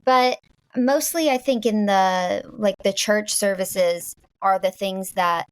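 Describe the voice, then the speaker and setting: A woman's voice: medium pitch, slow pace, clear, resonant tone, no room sound. A woman from Virginia with a Southern US accent, a guest talking casually and rambling, with many restarts and a lot of "like". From Virginia, USA. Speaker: guest filmmaker. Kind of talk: casual interview chat.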